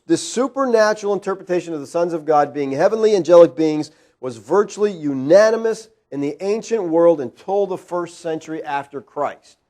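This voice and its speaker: A man's voice: a little high, darkish tone. A man preaching an expository sermon in a church, conversational and full of rhetorical questions, often checking in with "all right?". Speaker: pastor. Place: church sanctuary.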